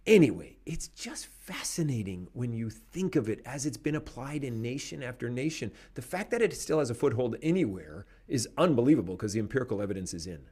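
Brief: opinionated male talker, lively swooping delivery, easy laughs. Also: medium pitch, brisk, hardly any pauses, slightly rough. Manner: animated, opinionated, laughs often. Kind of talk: casual conversation.

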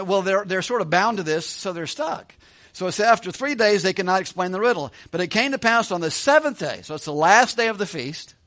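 A pastor with a high, fairly bright voice preaches verse by verse through a Bible passage, reading it aloud and adding casual, joking asides. He keeps it conversational and chuckles often.

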